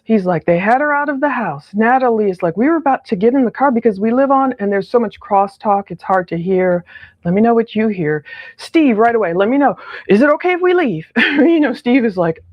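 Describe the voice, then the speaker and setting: A woman's voice: medium pitch, no room sound, lo-fi sound. A woman giving casual, chatty commentary over audio clips, laughing often and quoting people in mock voices. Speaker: true crime commentator.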